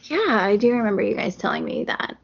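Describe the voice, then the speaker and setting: A woman co-hosting a podcast in casual chat, upbeat and quick to laugh along. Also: medium pitch, very animated, creaky, breathy edge, lo-fi sound. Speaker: podcast co-host.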